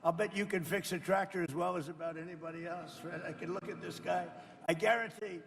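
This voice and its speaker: An older man serving as president delivers a loose, boastful, unscripted speech to farmers at an indoor roundtable, often turning to chat with the audience. His voice is high-pitched and creaky with fairly even intonation, fairly quick and fairly bright, and the room adds a long reverb tail.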